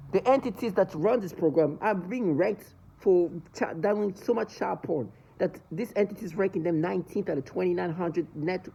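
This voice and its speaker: A man's voice: high voice, creaky, darkish tone, husky. A man ranting angrily in a monologue to camera, cursing and agitated. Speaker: vlogger.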